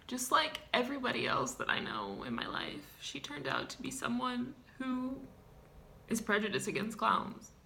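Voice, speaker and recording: A woman's voice: on the low side, moderate pace, sharp tone, slight background noise. A woman playing a self-pitying woman who identifies as a clown, in a comedic character vlog, sighing and ranting with dramatic outbursts. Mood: sulky.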